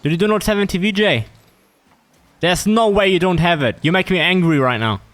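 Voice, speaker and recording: Excitable young man streaming a game. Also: high-pitched, brisk, no echo. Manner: excitable, swearing banter with a teammate. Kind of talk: live gaming stream chat.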